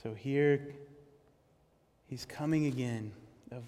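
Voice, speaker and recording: A man preaching a sermon with passion, halting and repeating words, rising to loud cries and then dropping to hushed tones as he reads and explains scripture. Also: mid-range voice, fairly even intonation. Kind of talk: sermon on a psalm. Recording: long hall reverb.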